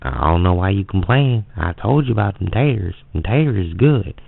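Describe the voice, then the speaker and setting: A gruff, bossy uncle with a thick put-on Southern US drawl barks orders at a kid, as a man puts him on. The voice is deep and gravelly. It comes through a thin, phone-like line. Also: big pitch swings, moderate pace, exaggerated voice. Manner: scolding, bossy, calls the kid "boy". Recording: phone-like lo-fi audio.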